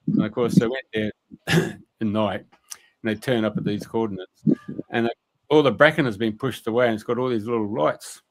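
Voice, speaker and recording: A man's voice: lowish voice, steady tone, brisk. A man telling a rambling anecdote on a radio talk show, colloquial and full of fillers. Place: radio studio.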